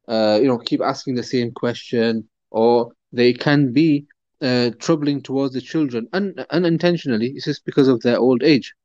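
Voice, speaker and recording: A man's voice: mid-range voice, a little mellow, no room sound. A man teaching a Quran commentary lesson in a conversational way, with frequent fillers and restarts. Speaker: religious teacher. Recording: dull, dry recording.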